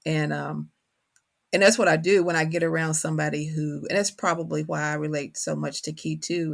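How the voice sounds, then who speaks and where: A woman's voice: low-pitched, gravelly. A middle-aged woman from Kentucky with a country accent, speaking thoughtfully as an author guest in a reflective interview conversation. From Kentucky, USA. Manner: thoughtful, searching for words.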